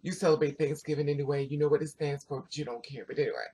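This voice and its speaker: A vlogger telling a personal story to viewers in a chatty, animated way, full of asides. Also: mid-range voice, rapid-fire, husky. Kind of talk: casual storytelling to camera.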